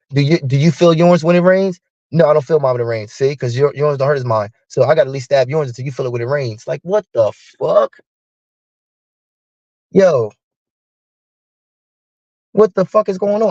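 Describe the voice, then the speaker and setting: In a muffled recording with no room sound, a male live streamer with a slightly high voice rants profanely and animatedly, reenacting an argument with his partner by performing both roles.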